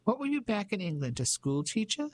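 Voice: mid-range voice, sing-song, fairly quick, no room sound, pitched above the performer's own voice. A reader voicing a cocky, self-assured local fisherman who teases and mocks in an audiobook. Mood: teasing. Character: cocky teasing local fisherman, grown man. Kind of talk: audiobook character voice.

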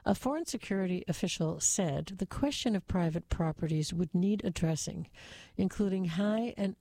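A woman reads the news in a steady, even manner, her voice low and mellow. The sound is dry and close, with no room around it. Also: no room sound. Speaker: news reader. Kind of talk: scripted news reading.

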